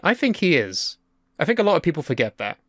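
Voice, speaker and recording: A man's voice: a little high, big pitch swings, fast talker, a bit bright, no room sound, clean studio sound. A young man co-hosting a podcast in casual, sweary and wry chat about wrestling, sharing strong opinions. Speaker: podcast co-host.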